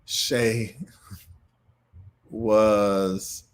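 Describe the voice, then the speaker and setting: Very slow and low, with little pitch movement, this livestream host addresses his viewers in an emotional, preacher-like way. He laughs through his grief, reads out their comments and says hello to them.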